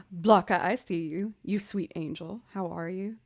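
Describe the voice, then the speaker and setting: A woman's voice: lowish voice, unhurried, darkish tone. A young woman chatting casually with her stream viewers, bubbly and talkative, greeting people by name. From Boston area. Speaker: streamer and musician. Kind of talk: casual livestream chat.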